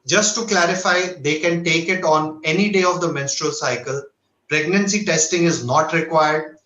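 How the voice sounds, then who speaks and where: A man with an Indian accent, a doctor giving a formal, measured slide lecture at a medical webinar. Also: a little high, bright, forceful tone, reverberant, poor audio. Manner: measured, earnest, asks for each next slide. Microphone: webinar audio.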